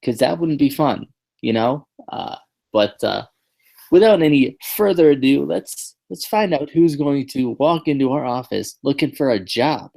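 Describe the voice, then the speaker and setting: A man's voice: medium pitch, animated, unhurried, gravelly, dark tone. A man hosting a podcast in casual chat, joking and rambling with fillers and restarts. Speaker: podcast host.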